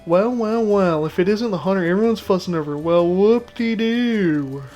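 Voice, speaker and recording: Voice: mid-range voice, a little mellow, lo-fi sound, soft background music, voice pushed up, close to an everyday voice. A gamer voicing a sarcastic, overworked village head farmer with folksy sayings. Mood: sassy. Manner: sarcastic, quick folksy drawl.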